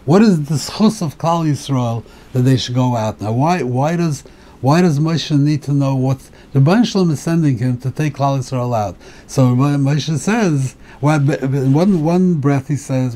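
A man's voice: medium pitch, normal speed, warm tone, a little hiss or hum. A male rabbi teaching a Torah class, asking question after question and often repeating and restarting his words.

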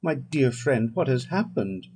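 A man's voice: mid-range voice, sing-song, unhurried, a little mellow, slightly rough. A man voicing a grieving, loyal young male friend who speaks earnestly and consolingly. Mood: sorrowful.

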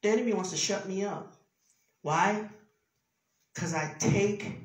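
Brief: woman pastor preaching in a sermon, fervent and forceful, distant mic in a reverberant church. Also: mid-range voice, unhurried, pauses often. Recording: echoey church from far off.

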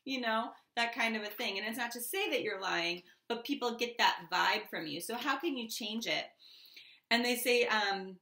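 A chatty woman giving a casual tarot reading, with a bright, forward voice. She talks loosely and fills her sentences with "um" and "like," and the sound is echoey. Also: fairly high pitch, animated, normal speed. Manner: chatty, loose, many fillers and asides. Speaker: tarot reader. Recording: echoey room.

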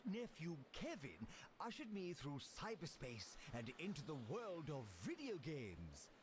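A man's voice: fairly high pitch, huge pitch swings, unhurried. A man playing a prim, pompous older game reviewer in a comic in-game radio bit, with a noisy broadcast sound. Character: stuffy old male game reviewer, prim and disgusted. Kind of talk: scripted comic radio monologue.

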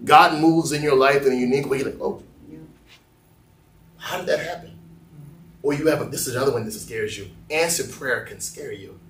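A male pastor preaching a lively sermon, acting out voices and joking with the congregation. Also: mid-range voice, fast, hardly any pauses, roomy sound, far from the mic, slight background noise. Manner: animated, acts out voices, jokes with the congregation. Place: church sanctuary.

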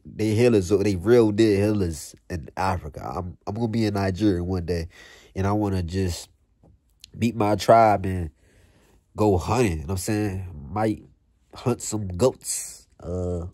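Young guy with a lowish voice going off on a profane pep talk, dry close sound. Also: a little slow, dark tone, no room sound. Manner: blunt, profane, repetitive, slangy. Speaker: vlogger. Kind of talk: motivational rant.

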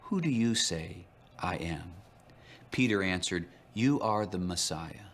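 A man narrating a Bible lesson, telling the story and voicing quoted lines with lively shifts. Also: low voice, slow pace. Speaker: teacher.

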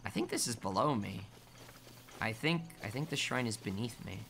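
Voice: medium pitch, expressive, moderate pace, gravelly, slight background noise. Playful, murmuring gaming streamer. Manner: playful, affectionate, often murmuring softly. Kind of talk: casual let's-play commentary. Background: game music.

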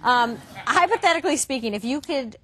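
A woman's voice: high-pitched, expressive. A woman hosting a talk show, interviewing a guest in a playful, teasing way. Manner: playful, teasing, quick with jokes. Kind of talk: casual interview chat.

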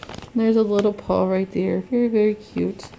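A woman filming a casual unboxing vlog at home, talking haltingly with many fillers, anxious and in pain. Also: mid-range voice, steady tone, creaky, mellow, a little hiss or hum. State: anxious and in pain, hand shaking. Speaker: vlogger. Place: home, indoors.

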